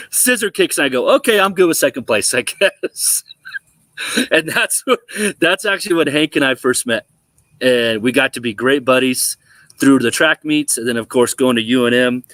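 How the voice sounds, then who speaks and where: A middle-aged man spins a sports yarn with animated energy, acting out every quoted line. His pitch sits in an ordinary middle range. The sound is dry and close, with no room around it. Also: dry recording. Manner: animated storyteller, acts out quotes. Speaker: former college quarterback, guest. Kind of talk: casual storytelling on a sports talk show.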